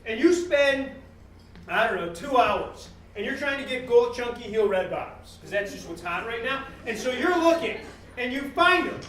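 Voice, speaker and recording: A man giving a joking, animated business keynote to a live audience, acting out customer exchanges as he goes. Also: very high voice, normal speed, a little hiss or hum. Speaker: guest speaker at a business talk series. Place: event room with a live audience. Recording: echoey room, mic at a distance.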